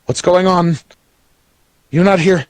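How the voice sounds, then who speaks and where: A man voicing a nervous, fussy male goblin noble who talks high, flustered and overly polite. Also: very animated, takes it slowly, dry recording.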